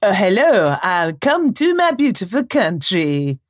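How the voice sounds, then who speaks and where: A woman's voice: mid-range voice, big pitch swings, a little slow, dry recording, studio quality, pitched below the performer's own voice. A woman putting on a hammy Spanish accent as a guessing game. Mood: playful.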